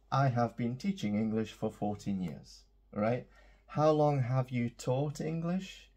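Gravelly-voiced man teaching English grammar. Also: mid-range voice, dark tone. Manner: explains with repeated "okay?" checks. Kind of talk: grammar lesson.

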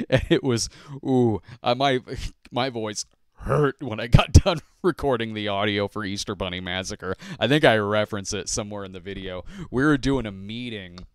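A man in his fifties hosts a casual podcast chat. His voice sits on the low side and sounds smooth and resonant against a dry, close sound. He rambles through viewer questions in a self-deprecating way and chuckles often. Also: moderate pace, dry recording. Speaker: podcast host and movie reviewer.

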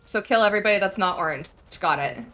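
Giggly woman with a lively voice. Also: mid-range voice, fast talker, crowd noise. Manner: giggly, playful. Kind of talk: casual gaming chat with friends.

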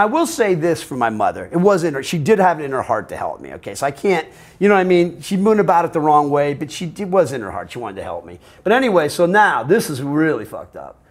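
Man, American accent, middle-aged, interview storytelling, rambling, profane, slightly high voice. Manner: profane, rambling, animated, quotes others in voices. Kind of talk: candid personal storytelling.

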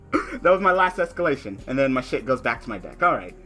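Young guy cussing thru a card game, bright edgy voice, faint music behind. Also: very animated, fast talker. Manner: cursing, frustrated, muttering to the opponent; ranting in a high, laughing voice. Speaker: online card game streamer. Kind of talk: profane gameplay commentary.

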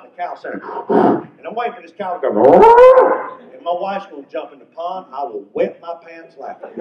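A man's voice: fairly high pitch, a little hiss or hum. An older man from North Carolina, telling stand-up comedy stories in a folksy way. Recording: echoey venue from far off, muffled.

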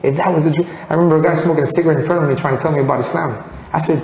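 A man's voice: a little high, very fast, gravelly, darkish tone, a little hiss or hum. A man from Colombia telling his story of becoming a Muslim, acting out the dialogue as he goes. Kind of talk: personal testimony. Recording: echoey room with long reverb.

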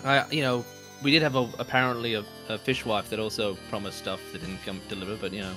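A man's voice: lowish voice, fairly even intonation, quick pace, sharp tone, soft background music. A man co-hosting a let's play, making sarcastic, laughing asides in casual commentary.

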